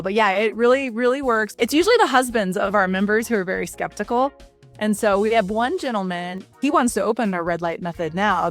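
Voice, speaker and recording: A woman in her forties, a guest in a casual interview, talking in a chatty, enthusiastic way with lots of fillers. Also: medium pitch. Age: 40s. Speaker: guest, red light studio owner.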